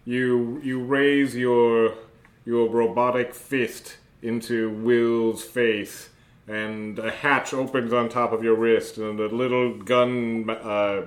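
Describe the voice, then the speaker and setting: A man narrating as game master of a tabletop game, halting and full of fillers. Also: medium pitch, flat delivery. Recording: roomy echo, faint noise.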